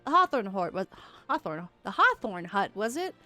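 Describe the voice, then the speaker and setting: A woman's voice: medium pitch, big pitch swings, moderate pace, sharp tone, soft background music. A woman voicing a polite, earnest young male scholar in a game.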